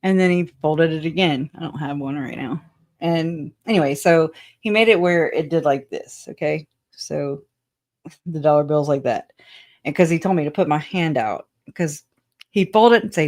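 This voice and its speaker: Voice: medium pitch, a little fast, darkish tone, no room sound, studio quality. A guest telling their side of a personal story in a casual, rambling way, laughing often, trailing off with "anyways" and answering live chat comments.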